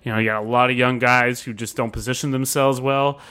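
Man, mid pitch, bright forceful voice, sports podcast co-host, earnest arguments. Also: fairly even intonation, fairly quick, clean tone. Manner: earnest, lays out arguments at length. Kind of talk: casual sports analysis chat.

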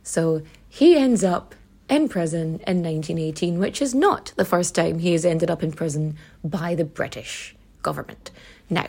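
A woman with a Donegal Irish accent tells history on her podcast in a loose, irreverent, sweary chat. Her voice sits low, with a husky, gravelly grain. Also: normal speed, darkish tone. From Donegal, Ireland. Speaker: podcast host. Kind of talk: casual storytelling podcast.

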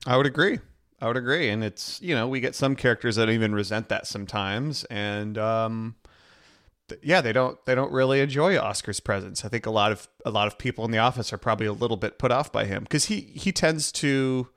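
A man's voice: fairly low pitch, a little fast, a bit bright. A man co-hosting a casual podcast, talking things through thoughtfully with frequent restarts. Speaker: podcast co-host. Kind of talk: casual chat.

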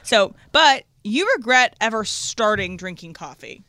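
A producer chatting on a radio show in an easygoing, hesitant way full of fillers. The voice is bright and crisp, and sits dry and close on the mic. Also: medium pitch, lively intonation, unhurried, no room sound. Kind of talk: casual studio chat.

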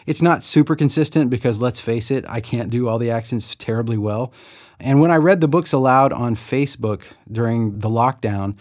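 A man's voice: medium pitch, darkish tone, no echo, studio quality. A middle-aged man from the American South, an author talking in a chatty, self-deprecating way about recording his audiobook, with small laughs. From Southern United States. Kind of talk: reflective interview monologue.

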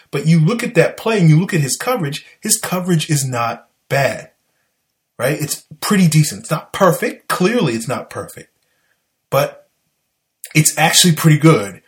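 An excitable man with a Southern US accent breaks down football plays in casual sports talk. His voice sits a little high and jumps all over the place. He argues and sounds exasperated, pushing back on critics. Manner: animated, exasperated and argumentative.

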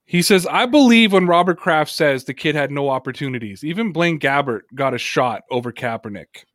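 A man's voice: fairly high pitch, expressive, moderate pace, a bit bright, no echo, studio quality. Emphatic man hosting a sports podcast. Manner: emphatic, talkative, reads chat comments aloud. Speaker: podcast host. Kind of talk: casual sports talk.

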